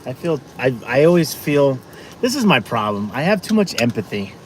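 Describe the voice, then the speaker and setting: Noisy outdoor traffic fills the background as a man with a sing-song, mid-range voice talks at a moderate pace on his live food vlog. He rambles casually to viewers in a live-stream chat, tossing remarks to his dog while outside and in his car.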